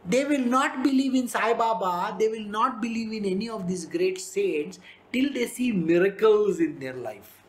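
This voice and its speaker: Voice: medium pitch, animated, moderate pace. A spiritual teacher with an Indian English accent giving a conversational devotional talk on scripture, slipping into playful voices for quotes. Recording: roomy echo.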